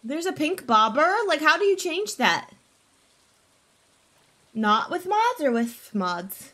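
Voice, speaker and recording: In a high, sing-song voice that's pushed and bright, a young woman chats with her viewers while gaming on stream. She goes slowly, staying playful and chatty, and bursts into gasps, giggles and silly sounds at the game.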